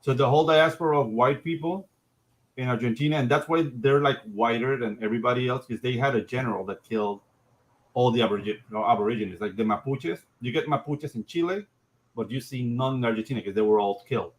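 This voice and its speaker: A man co-hosting a podcast in casual chat, excitable and peppering his talk with "dude". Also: mid-range voice, quick pace, low-quality recording. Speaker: podcast co-host.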